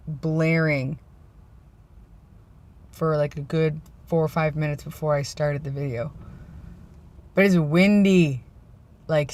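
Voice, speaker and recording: A vlogger from the East Coast of Canada, chatting casually in a parked car while cold and tired, wandering between chatty remarks and hushed mumbled asides. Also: mid-range voice. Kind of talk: casual vlog chat. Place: inside a parked car in winter.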